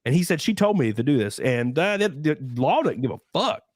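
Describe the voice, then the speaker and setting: A man hosting a casual podcast, telling crude, rambling stories in an animated way. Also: fairly high pitch, brisk, dry recording, clean studio sound. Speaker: podcast host.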